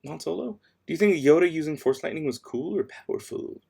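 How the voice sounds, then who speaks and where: This livestream host, a father, answers chat between tasks late at night at home, reading viewer questions aloud with offhand sass. He talks a little fast in a fairly high, animated voice that is gravelly, warm and husky.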